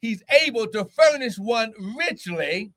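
A pastor preaching a fervent sermon, shouting scripture and breaking into exclamations between verses. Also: male voice, high-pitched, expressive, a little slow.

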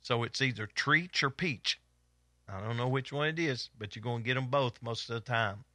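A middle-aged man with an Eastern Kentucky Appalachian accent, preaching a fervent Bible study and hollering with excitement as he teaches. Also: medium pitch, normal speed, no echo. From East Kentucky.

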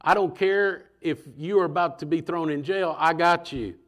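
A man preaching a sermon in a conversational, animated way, acting out voices as he goes. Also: on the high side, moderate pace.

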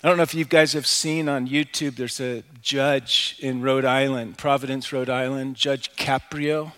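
A man's voice: mid-range voice, fairly even intonation, unhurried, a bit bright. A middle-aged man preaching a sermon as pastor, speaking in a conversational, reflective way with personal asides. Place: church sanctuary. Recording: live church hall reverb.

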